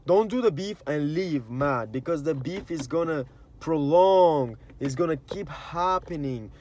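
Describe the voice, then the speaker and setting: Man, fairly high voice, casual spiritual talk, earnest, rambling, slangy. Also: lively intonation, a little slow, darkish tone. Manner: rambling and earnest, acts out quoted inner voices; slangy, frequent "you know" and "like". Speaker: spiritual vlogger.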